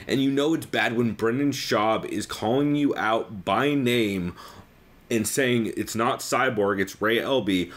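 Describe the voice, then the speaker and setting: A young man hosting a podcast, recapping another show in a rambling, profane, exasperated way. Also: mid-range voice. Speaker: podcast host.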